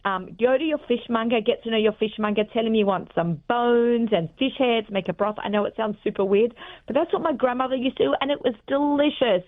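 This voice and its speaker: A woman's voice: fairly high pitch, fairly quick. A woman chef with an Australian accent, chatting casually as a guest on a radio interview, full of cooking tips. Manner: chatty, warm-hearted cooking tips with fillers. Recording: phone-line audio.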